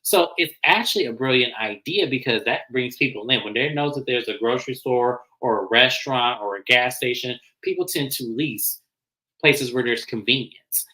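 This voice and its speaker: Bright-voiced man recapping reality TV. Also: medium pitch, rough recording. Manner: animated, acts out quotes, slangy. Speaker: reality TV reviewer. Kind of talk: casual recap commentary.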